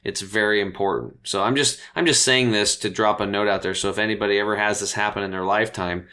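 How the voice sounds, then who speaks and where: Fast-talking bright-voiced man. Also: on the low side. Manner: animated, acts out quoted voices. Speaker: guest health coach. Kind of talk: casual interview storytelling.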